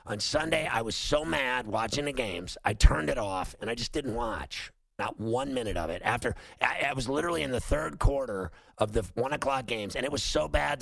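A man's voice: medium pitch, creaky, a bit bright, no echo. A man hosting a sports talk show, ranting heatedly and repeating himself. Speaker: host. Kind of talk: opinionated sports talk monologue.

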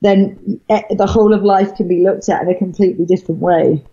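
A woman's voice: mid-range voice, steady tone, fairly quick, warm tone. A middle-aged woman from Wales, a guest telling her story in casual chat, rambling with many fillers and restarts. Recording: dull lo-fi sound.

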